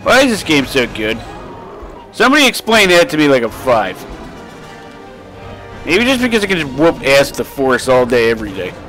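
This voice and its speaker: A young man giving casual, rambling let's play commentary, swearing freely and breaking into sudden shouts. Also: mid-range voice, very animated, moderate pace, long pauses, faint music behind. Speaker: gaming commentator.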